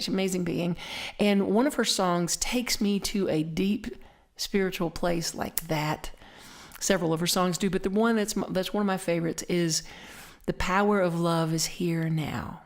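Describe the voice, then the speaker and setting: A middle-aged woman, a minister with a Southern accent, delivers a reflective, conversational sermon. She slows down and repeats key phrases for emphasis, her voice a little mellow and on the low side.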